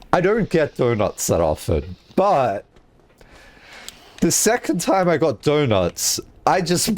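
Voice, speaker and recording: Animated young man telling a story. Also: fairly high pitch, a little hiss or hum. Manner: animated, laughing, swearing. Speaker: streamer. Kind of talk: casual storytelling while gaming.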